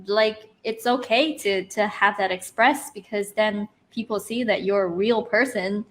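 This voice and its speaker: A woman's voice: mid-range voice, unhurried. A woman hosting a casual livestream chat, encouraging her guest and talking with many fillers and restarts; she moved to America as a child. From immigrant to America. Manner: warm, encouraging, filler-heavy. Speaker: host.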